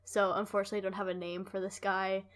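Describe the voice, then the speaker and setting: A woman's voice: mid-range voice, flat delivery, fast. A woman co-hosting a podcast, telling a story in casual chat, rambling with lots of fillers and laughing often.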